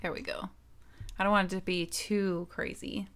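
A woman's voice: mid-range voice, flat delivery, moderate pace, background noise. A woman streamer chatting and giggling while playing a story game. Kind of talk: let's-play commentary. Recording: game music behind voice. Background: game music.

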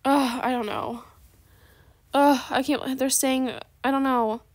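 A woman giving chatty, sarcastic commentary over a trading game, gushing with gasps and dropping into soft asides. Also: high voice, steady tone, slow pace. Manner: chatty, calls viewers "besties". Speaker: gaming video creator. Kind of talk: casual gameplay commentary.

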